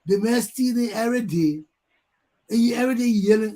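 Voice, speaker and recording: A man with a Liberian English accent hosts a talk show, ranting heatedly and mimicking people's repeated yelling. His voice sits high and his pace is fairly quick.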